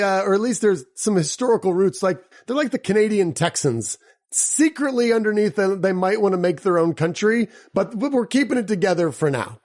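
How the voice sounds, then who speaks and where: A slightly high-voiced man hosting a podcast. He reads a scripted introduction, then moves into upbeat, joking chat with his guests. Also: darkish tone. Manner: upbeat, joking, playful asides. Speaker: podcast host.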